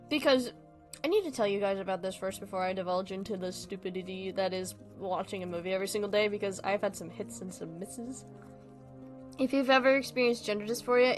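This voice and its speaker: A woman's voice: medium pitch, sharp tone. A woman streamer in casual livestream chat, rambling along and laughing often.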